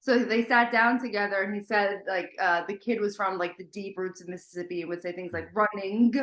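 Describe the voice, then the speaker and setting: A woman's voice: medium pitch, fairly even intonation, brisk, a bit bright. Woman telling a story in an echoey room. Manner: storytelling, fillers like "uh". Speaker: podcast guest. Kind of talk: casual chat.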